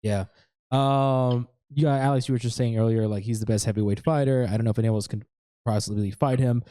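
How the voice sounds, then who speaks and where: Relaxed American man, mid-range voice, dry studio sound, chatty storyteller. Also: mid-range voice, brisk, no room sound. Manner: laughs easily, relaxed storytelling. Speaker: podcast co-host. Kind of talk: casual chat.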